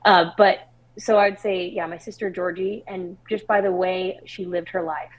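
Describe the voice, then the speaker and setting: A young adult woman from Washington State, a singer-songwriter guest telling a personal story in a candid, expressive podcast interview. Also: on the low side, normal speed, low-quality recording. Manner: candid, expressive storytelling with laughs and quoted dialogue.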